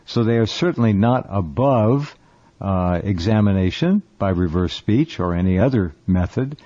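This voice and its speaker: A man hosting a radio talk show, casual and halting, often restarting his phrases. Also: lowish voice, animated, dark tone. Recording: dull lo-fi radio sound.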